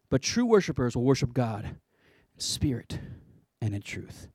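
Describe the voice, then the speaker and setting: A man preaching a sermon in an animated, conversational way, with playful asides. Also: mid-range voice, unhurried, slightly rough, no room sound, studio quality. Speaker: pastor.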